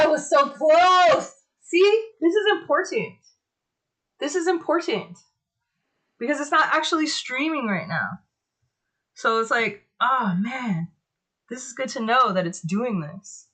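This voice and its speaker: A young adult woman with a medium-pitched, sharp voice and a breathy edge streams live while fixing her setup. She chats casually and swears, talks to herself as she fiddles with the tech, and hums little ditties under her breath.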